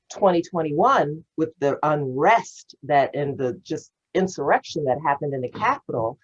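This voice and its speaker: A woman reverend hosting the meeting, asking her guest questions in a measured, earnest way. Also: low voice, slightly rough, highs cut off. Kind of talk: hosted conversation, asking questions.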